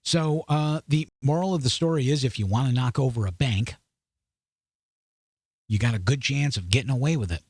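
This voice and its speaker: A man's voice: medium pitch, normal speed, pauses often, a little mellow, slightly rough, dry recording, clean studio sound. Blunt, sarcastic male podcast host. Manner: blunt and sarcastic, talks to viewers directly; loose, restarts often. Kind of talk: opinionated news commentary.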